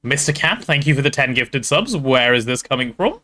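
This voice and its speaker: Lively chatty man streaming a game. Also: medium pitch, moderate pace. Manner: chatty, reads out chat, talks to himself while playing. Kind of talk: casual game stream chat.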